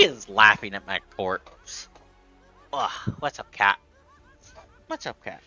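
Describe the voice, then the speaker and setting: A man's voice: lowish voice, slow pace, long pauses, pushed and bright, dry recording, muffled recording. A man streaming a game live, playfully taunting enemies and chatting to viewers. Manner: playful, talks to enemies and chat.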